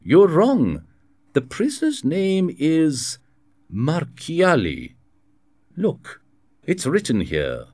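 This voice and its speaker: A man's voice: fairly high pitch, huge pitch swings, drawn-out words, pauses often, a little mellow, no echo, pitched above the performer's own voice, full character voice. A man reading a storybook voices a blunt prison governor, speaking in a brusque, commanding way.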